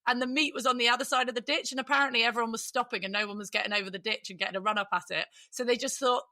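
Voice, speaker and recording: A woman's voice: fairly high pitch, fairly even intonation, very fast, few pauses, sharp tone, dry recording. A woman hosting a podcast, chatting casually and swearing now and then. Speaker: podcast host.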